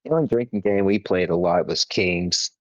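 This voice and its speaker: A man's voice: deep voice, moderate pace, muffled recording. A man co-hosting a podcast, chatting in a laid-back, self-deprecating way and swearing now and then. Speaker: podcast co-host. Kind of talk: casual storytelling chat.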